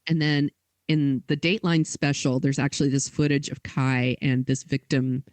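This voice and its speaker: A woman's voice: extremely low pitch, level tone, normal speed, a little mellow, no echo. Woman telling a story casually. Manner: retells events with lots of "like" and quoted dialogue. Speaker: podcast co-host.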